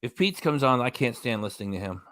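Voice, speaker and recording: A man's voice: medium pitch, very animated, fast talker, fairly bright tone. A man hosting a live reaction stream, giving casual running commentary with dry asides and reading out quotes. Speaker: reaction channel host.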